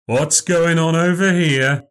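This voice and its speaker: A man's voice: fairly high pitch, steady tone, takes it slowly, fairly bright tone, clean tone, voice pushed up. A man voicing a middle-aged pub landlord, firm but apologetic.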